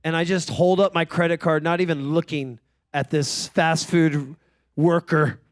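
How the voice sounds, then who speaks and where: A man telling stand-up comedy stories, sardonic and profane, growing animated as he goes. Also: a little slow. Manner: animated, escalating into high-pitched shouting in character bits.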